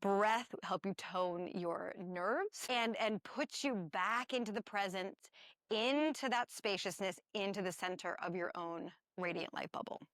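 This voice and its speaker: A woman's voice: mid-range voice, unhurried, fairly bright tone, no echo, studio quality. A woman co-hosting a spiritual wellness podcast, explaining ideas with enthusiasm and playful asides. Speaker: podcast co-host.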